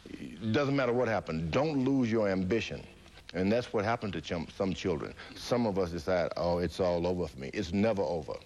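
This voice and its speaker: Low-voiced man telling his story. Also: a little fast, slight background noise. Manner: animated storyteller who acts out quoted voices and laughs often. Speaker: interview guest. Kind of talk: storytelling interview.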